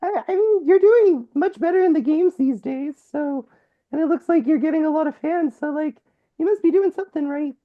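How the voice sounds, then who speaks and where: A woman's voice: high voice, a little fast. A woman playing in a tabletop game, breezily teasing another player. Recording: dull lo-fi mic.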